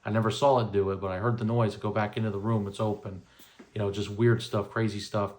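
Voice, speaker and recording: A man's voice: on the low side, flat delivery, a little fast, darkish tone. A man in his thirties casually telling a personal story, rambling with many fillers and restarts. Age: 30s.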